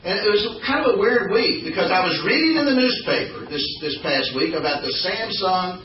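A man giving a folksy, animated church talk full of anecdotes, calling on the congregation for responses. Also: high voice, fairly quick, slight background noise. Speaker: church speaker. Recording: echoey hall from far off, dull sound.

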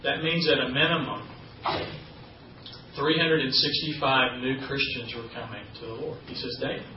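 A man's voice: medium pitch, fairly even intonation, normal speed, background noise. Guy giving a sermon, chatty teaching tone, mic kinda far off, echoey church. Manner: conversational teaching with folksy asides. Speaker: preacher. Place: church sanctuary. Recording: roomy, distant, dull church recording.

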